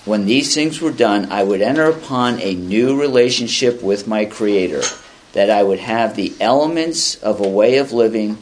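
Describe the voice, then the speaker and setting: A man in his fifties with a low voice shares at a recovery meeting. He talks in a loose, wandering way and mixes read-out passages with dry jokes at his own expense. A faint hum of room ambience sits behind him. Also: moderate pace, a little mellow. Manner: rambling and conversational, with dry self-deprecating humor. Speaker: speaker sharing at a recovery meeting. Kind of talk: casual spoken share, reading passages aloud and commenting.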